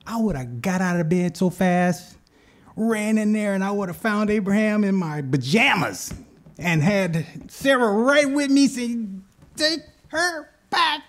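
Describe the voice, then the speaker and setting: Man, pastor, sermon, animated storytelling, very expressive pitch. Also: unhurried. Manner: animated, rises loud when acting out scripture; addresses congregation with "okay?" asides.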